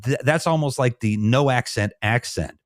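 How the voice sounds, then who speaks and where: A man's voice: mid-range voice, normal speed, no echo, clean studio sound. A man with a Midwestern American accent, hosting a casual interview chat, loose and chatty and swearing offhand. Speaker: talk show host.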